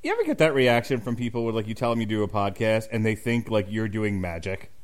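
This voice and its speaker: A man's voice: on the low side, very animated, quick pace. A man hosting a podcast in casual chat, jokey and laughing often, with mock outrage. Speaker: podcast host.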